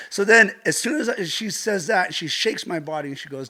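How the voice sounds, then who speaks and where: A middle-aged American man, a stunt coordinator, telling a vivid personal story with lively gestures and acted-out quotes. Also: high-pitched, a little fast, few pauses. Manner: animated, acts out quotes, swears casually.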